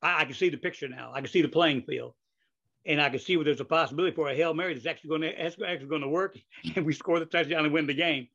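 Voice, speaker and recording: A man's voice: on the high side, racing, gravelly, fairly bright tone. An older man hosting a podcast interview in casual chat, rambling with many fillers, restarts and asides. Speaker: podcast host. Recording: dull lo-fi audio.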